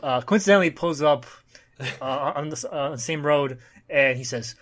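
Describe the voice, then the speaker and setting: A man co-hosting a casual podcast, retelling a comic book plot with frequent pauses and fillers. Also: on the high side, a bit bright. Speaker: podcast co-host summarizing a comic. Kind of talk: casual chat.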